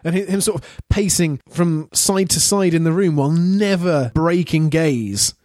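A man with a fairly high voice who weighs his words and talks in careful, hedged phrases. His remarks carry a dry wit. The sound is dry and close to the mic. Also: measured pace, darkish tone, no room sound. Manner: thoughtful, hedging, dry wit. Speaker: podcast co-host. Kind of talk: casual review chat.

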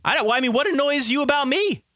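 A man's voice: very high voice, animated, fast talker, bright, forceful tone, dry recording, studio quality. A young man co-hosting a sports podcast, reacting animatedly and sounding bashful in casual chat. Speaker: podcast co-host.

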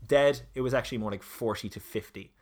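Man, mid-pitch, casual podcast presenter, halting delivery full of ums and restarts. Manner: hesitant, many fillers and restarts. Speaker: presenter of a history discussion.

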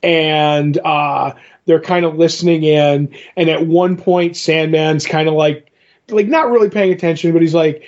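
A man's voice: fairly high pitch, fairly even intonation, measured pace, darkish tone. A man casually retelling a comic book story in a podcast chat, rambling and acting out quoted lines. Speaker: podcast co-host. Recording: dull lo-fi recording.

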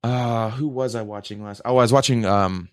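A man's voice: on the low side, normal speed, no echo, clean studio sound. Profane, rambling man telling a story. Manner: rambling, profane, says "right?" often. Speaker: podcast co-host telling a story. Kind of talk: casual storytelling.

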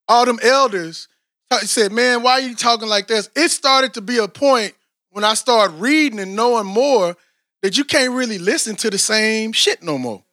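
A man with a very high voice chats casually as a podcast co-host, animated and rambling, full of slang and frequent "you know what I'm saying." He's from Texas, USA, and the recording is dry with clean studio sound.

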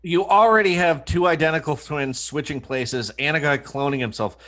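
A man chatting casually about a film, joking and slipping into gruff put-on voices. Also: on the high side, moderate pace, fairly bright tone. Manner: jokey, puts on gruff character voices.

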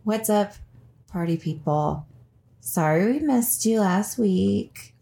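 A woman's voice: medium pitch, animated, slow pace, gravelly, mellow. A woman hosting a podcast in casual chat, chatty and laughing often, with fillers. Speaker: podcast host.

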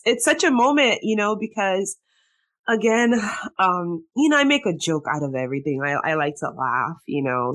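A woman hosting a podcast, chatting casually with a guest, bubbly and quick to laugh, sometimes getting emotional. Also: mid-range voice, fairly bright tone. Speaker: podcast host. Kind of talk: casual interview chat.

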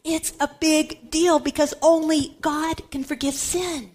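This woman's voice is high yet darkish in tone, and she speaks slowly and steadily. She gives an emphatic scripture lesson, much like a Catholic Bible teacher, underlining ideas by repeating key words repeatedly.

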